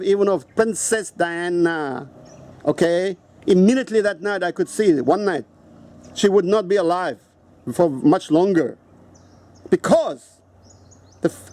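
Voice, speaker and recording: A video host with a South African accent rants angrily at the camera in a high-pitched, darkish voice. He swears, repeats himself, and confronts whoever he's addressing.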